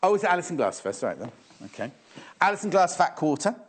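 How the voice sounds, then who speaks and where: A man's voice: high-pitched, sing-song, fast, husky. A man presenting fabrics live on a shopping channel, chatty and teasing, often repeating prices and stock levels.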